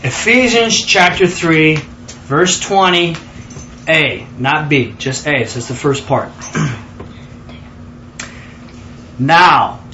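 A man leading a Bible study, excitable and emphatic, prompting his listeners to answer and repeat after him. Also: a little high, slow, reverberant, dull audio, a little hiss or hum. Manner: excitable, emphatic, calls for responses.

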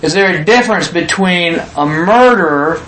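A man preaching a sermon in an animated way, acting out quotes with sudden shouts. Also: high voice, normal speed, roomy sound, slight background noise.

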